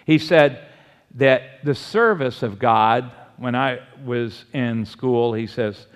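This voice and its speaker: A male pastor preaching in a church sanctuary, his voice ringing with a long hall reverb. His pitch sits mid-range for a man. He leads the congregation in call-and-repeat phrases and swings between loud exclamations and quiet asides. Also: takes it slowly, clear, resonant tone. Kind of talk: sermon.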